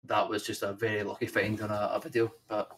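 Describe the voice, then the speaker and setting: A man co-hosting a podcast in casual chat, talking fast and ranting about what annoys him. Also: fairly low pitch, little pitch movement, fairly bright tone, slight background noise.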